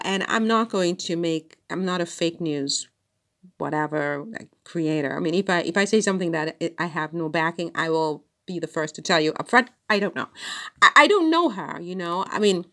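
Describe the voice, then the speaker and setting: A woman's voice: on the low side, fairly bright tone. A woman vlogger in a rambling, hesitant monologue, full of fillers and restarts, speaking directly to the person she discusses. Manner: addresses her subject directly. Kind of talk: casual monologue to camera.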